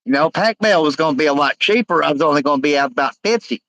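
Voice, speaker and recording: A man's voice: a little high, expressive, fairly bright tone, no echo, poor audio. Rambling man hosting a live stream. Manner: rambling, halting, many uh fillers. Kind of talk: casual live stream chat, reading comments aloud.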